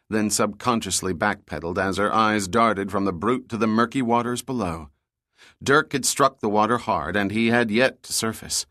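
Male audiobook narrator, low voice, measured delivery, dry close studio sound. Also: sharp tone, no room sound.

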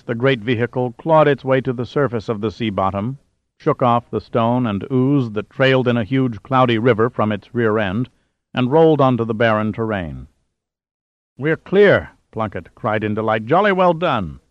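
A man reading an audiobook in a measured, steady narration. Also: medium pitch, no room sound. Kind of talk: scripted narration. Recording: dull dry lo-fi audio.

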